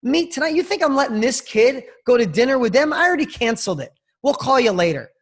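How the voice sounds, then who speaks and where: A man's voice: sits high, lively intonation, moderate pace. Man putting on a sneering Hollywood manager. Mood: dismissive. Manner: sneering, contemptuous questions. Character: scornful male Hollywood manager, mocking and hostile.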